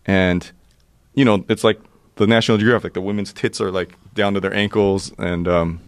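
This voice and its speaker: A man in his forties from the United States, a podcast guest telling a wild story, animated, profane, full of laughs and restarts. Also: on the low side, moderate pace, clean tone, no echo. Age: 40s. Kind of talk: storytelling anecdote in casual chat.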